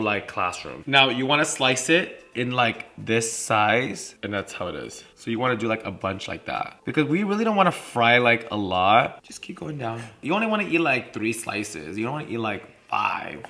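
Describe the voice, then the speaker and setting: A man's voice: medium pitch, bright, forceful tone, reverberant. A man chatting his way through a cooking vlog in his home kitchen, sassy and profane, saying "like" and "literally" all the time. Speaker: vlogger cooking on camera.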